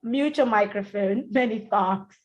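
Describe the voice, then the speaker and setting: A woman teaching pronunciation in an online class, repeating words slowly and carefully for the students. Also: mid-range voice, dull audio. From Nigeria. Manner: slow, drilled repetition of words. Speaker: diction teacher.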